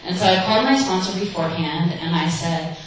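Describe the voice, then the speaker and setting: A woman's voice: on the low side, animated, brisk, slight background noise. Woman attendee sharing, loose and chatty; very roomy, distant pickup. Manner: conversational, with many fillers. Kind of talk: personal recovery testimony. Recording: very echoey room, from a distance.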